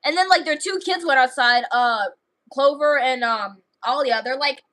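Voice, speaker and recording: Bright, high-voiced woman rambling through a story. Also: normal speed, poor audio. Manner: rambling, lots of fillers and restarts. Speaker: livestreamer. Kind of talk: casual storytelling livestream.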